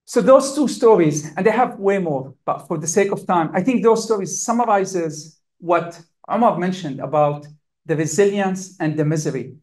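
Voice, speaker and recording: Man, high-pitched voice, physician at a talk, emotional, halting delivery. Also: darkish tone. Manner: emotional, halting, with repeated restarts. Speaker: physician speaker. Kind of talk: personal account at a public talk.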